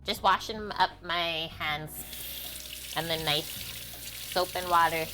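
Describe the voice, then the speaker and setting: A woman's voice: lowish voice, slow, music in the background. A young woman hosting a casual cooking livestream, chatting with viewers while she preps food in her home kitchen. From half French. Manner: chatty, reads and answers chat while cooking.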